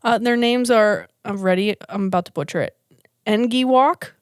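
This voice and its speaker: Woman, podcast co-host, higher voice, giggly, animated storytelling, dry close sound. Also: normal speed, smooth, no echo. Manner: giggly, animated storyteller who laughs often. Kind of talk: casual chat retelling a film plot.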